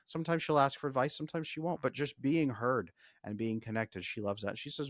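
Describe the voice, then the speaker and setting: A man talking as a podcast guest, coaching listeners with animated, acted-out examples. His voice sits at an ordinary middle pitch, and the recording is dry and close with no room sound. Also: a little fast, few pauses, no room sound. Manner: animated, explanatory, talks through acted examples. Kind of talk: podcast interview.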